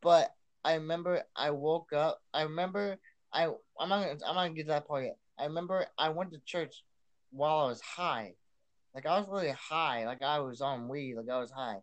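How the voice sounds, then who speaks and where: A man's voice: fairly high pitch, brisk. Earnest young man giving testimony. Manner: earnest, repeats himself and restarts often. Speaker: podcast guest. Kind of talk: personal testimony.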